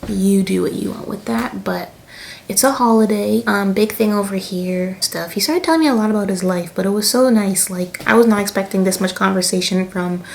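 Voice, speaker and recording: Canadian girl in her 20s, chatty vlog storytime, fry in her voice. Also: mid-range voice, fairly quick, a little hiss or hum. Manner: chatty, lots of fillers and laughs. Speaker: vlogger. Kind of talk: casual storytime chat.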